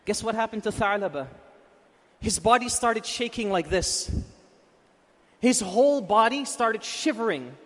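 A man preaching, telling a story with animated questions to his audience. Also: sits high, a little slow. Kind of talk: storytelling sermon. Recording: long reverb in a hall.

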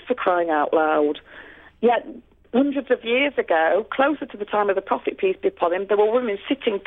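A woman calls in to a radio show and tells her stories with real earnest passion, stumbling and restarting as she goes. Her voice comes through a thin, tinny phone line. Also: medium pitch. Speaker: radio guest speaker. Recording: phone-line call-in audio.

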